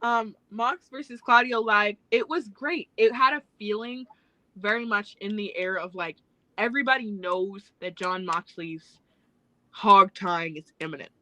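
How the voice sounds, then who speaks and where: A woman's voice: mid-range voice, unhurried, bright, forceful tone, dry recording, low-quality recording. A woman co-hosting a podcast, chatting casually with profane, laughing banter. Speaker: podcast co-host. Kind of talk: casual chat.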